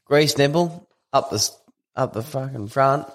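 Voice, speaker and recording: A man's voice: medium pitch, measured pace. A man co-hosting a casual podcast, blunt and swearing, mostly chipping in with short interjections. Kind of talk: casual chat.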